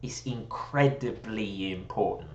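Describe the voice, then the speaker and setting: American guy rambling and ribbing himself about going posh british, lowish voice, echoey room. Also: a little slow, a little mellow, dull audio. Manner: rambling, self-mocking, joking about slipping into a posh British accent. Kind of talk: casual chat.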